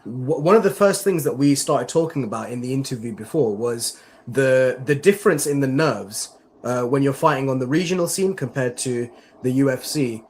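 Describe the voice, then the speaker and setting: A man's voice: medium pitch, expressive, normal speed. A male MMA interviewer asking long, rambling questions in a chatty, casual way.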